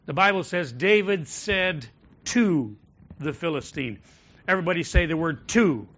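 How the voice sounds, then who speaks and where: A man preaching a sermon as pastor of a church, shifting between loud emphatic declarations and quiet storytelling. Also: a little high, animated, a little slow, highs cut off.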